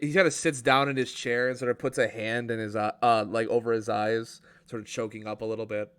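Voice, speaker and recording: A man narrating a tabletop game as game master, halting and filling his pauses with "uh" and "um". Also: medium pitch, level tone, fairly bright tone, clean tone. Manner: halting, full of fillers and restarts.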